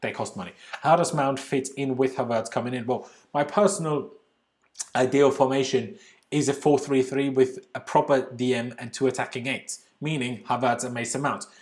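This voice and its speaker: This man hosts a laid-back football livestream from home, speaking with an Austrian accent but peppering his talk with British slang and plenty of "bloody." His mid-range voice stays fairly even and a bit dark at a moderate pace while he chats loosely and answers viewer comments.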